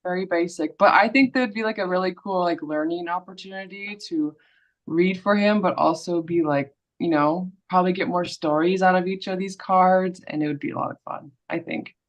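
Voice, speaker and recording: A woman with a somewhat low voice talks in a casual chat as a guest. She speaks softly and hedges her points. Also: normal speed, highs cut off.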